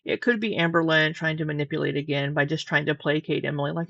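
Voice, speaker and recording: A woman's voice: low-pitched, steady tone, quick pace, vocal fry, fairly bright tone, no echo, lo-fi sound. A sleepy woman hosting a casual reaction, talking bluntly, swearing and repeating herself. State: sleepy, yawning. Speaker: channel host reacting to a clip.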